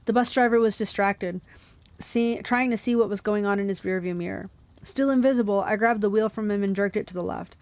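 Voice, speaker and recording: A woman's voice: medium pitch, fairly quick, no room sound. Young woman reading a novel aloud. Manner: lively reading with laughs and asides. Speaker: book club host.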